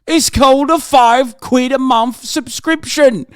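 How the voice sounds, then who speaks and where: A man's voice: very high-pitched, takes it slowly, clear, resonant tone, no echo, clean studio sound, pitched above the performer's own voice. A man putting on a brash jeering English bloke. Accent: put-on English. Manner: loud, jeering, swearing. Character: loud brash English far-right bloke, mocking caricature.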